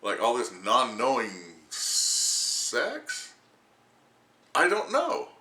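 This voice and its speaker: A man's voice: mid-range voice, wildly swooping pitch, extremely slow, sharp tone, echoey room. A man in his sixties ranting casually to camera, rambling and crude, laughing often as he talks. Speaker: vlogger.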